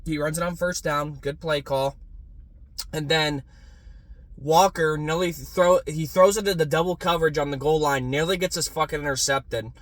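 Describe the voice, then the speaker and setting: A young man ranting in a casual sports fan vlog, swearing freely and swinging from low muttering to loud yelling. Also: steady tone, moderate pace, dry recording.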